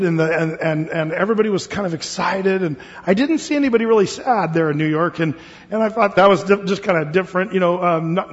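A pastor from Oregon leading a Bible study in a church hall, talking casually with many fillers and restarts. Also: male voice, high-pitched. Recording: dull lo-fi sound with long hall reverb.

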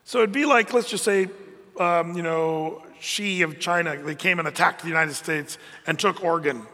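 A middle-aged male pastor delivers a loose, conversational sermon in a high-pitched voice. He restarts his sentences often and keeps the energy animated. The recording carries the long reverb of a church hall. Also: normal speed.

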